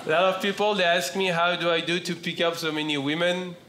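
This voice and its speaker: A man from France with a French accent doing stand-up comedy, delivering punchlines in a slow, deadpan way. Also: on the high side, noisy background. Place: comedy club stage with laughing audience. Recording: roomy stage sound with loud audience laughter.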